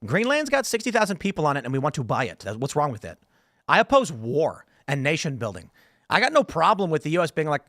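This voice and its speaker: A man hosts a casual panel show with an animated storyteller's delivery, slipping into quick asides as he reads viewer comments aloud. His voice sits a touch higher than most men's and is caught on a close studio microphone with a dry, dead sound. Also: no echo. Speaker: show host.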